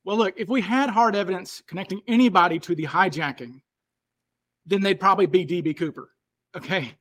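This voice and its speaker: A man with a fairly high voice hosts a podcast in loose, casual conversation. He thinks aloud as he talks and often circles back to rephrase what he just said. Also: brisk, a bit bright. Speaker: podcast host. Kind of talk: casual chat.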